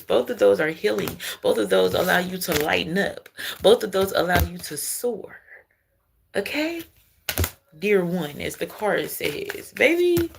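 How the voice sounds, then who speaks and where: A woman talks her way through an intuitive card reading in a loose, chatty manner. Her mid-pitched voice has a gravelly edge of vocal fry. She calls the listener baby and often checks that they understand. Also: background noise. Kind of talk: casual spiritual card-reading monologue.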